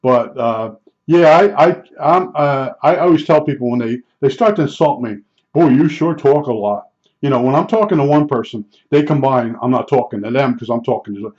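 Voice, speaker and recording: In a dull lo-fi recording, an older man spins casual, meandering tales from his past, often restarting and using plenty of fillers. His mid-range voice is somewhat dark and lively, moving at a moderate pace.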